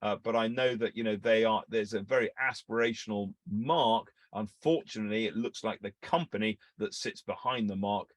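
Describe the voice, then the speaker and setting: Man, low voice, dry close sound, casual finance commentary, halting with lots of ums. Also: no echo. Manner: hesitant, many fillers and restarts. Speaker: co-host analysing company finances.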